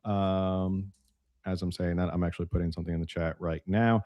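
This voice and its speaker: A man's voice: low-pitched, steady tone, a little fast, dark tone, no room sound. A man hosting a live political talk show, joking and sarcastic, with lots of fillers. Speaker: host. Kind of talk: casual political news chat.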